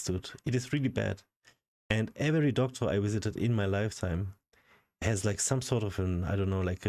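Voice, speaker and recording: A man's voice: lowish voice, a little mellow. A man vlogging in a casual, frustrated rant full of swearing. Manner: frustrated, profane ranting. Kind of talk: casual ranting vlog.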